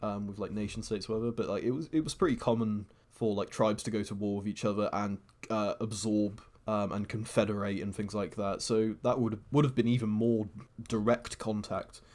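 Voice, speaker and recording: A man's voice: fairly low pitch, fairly even intonation, fairly quick, few pauses, darkish tone. Casting: man, podcast co-host, loose rambly chat, swears freely, lots of "like" and "um". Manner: rambling, swears casually, many fillers. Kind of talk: casual chat.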